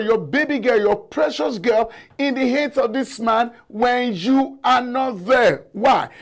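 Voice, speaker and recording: A male talk show host with a strikingly high voice speaks slowly and deliberately. He lectures with passion and keeps repeating words to drive his point home. It is a live call-in show monologue. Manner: impassioned and lecturing.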